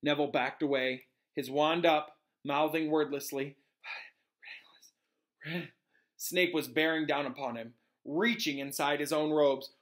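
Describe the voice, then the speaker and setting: A male teacher reading a novel aloud to his students in an animated way, pausing to correct himself and explain. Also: fairly high pitch.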